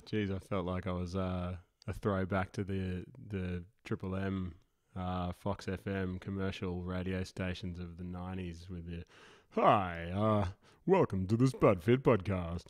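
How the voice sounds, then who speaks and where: A man's voice: low-pitched, dry recording, clean studio sound. A man hosting a podcast on his own, rambling casually with many fillers and chuckling at himself. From Australia. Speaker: podcast host. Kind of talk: casual solo podcast intro.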